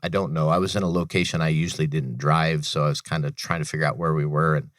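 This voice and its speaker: Man, very deep voice, dry close recording, earnest veteran guest, repeats key phrases. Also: flat delivery, fast talker, fairly bright tone, no echo. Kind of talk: interview talk on a business radio show.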